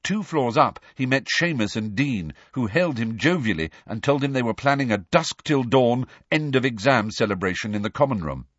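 A man reading a novel aloud as an audiobook narrator, measured and even. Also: mid-range voice, no echo, dull audio.

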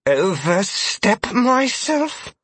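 A man's voice: medium pitch, expressive, normal speed, a bit bright, breathy edge, dry recording, voice pushed up. A man voicing a haughty, scheming male noble envoy who gives orders in a clipped, imperious, seething tone.

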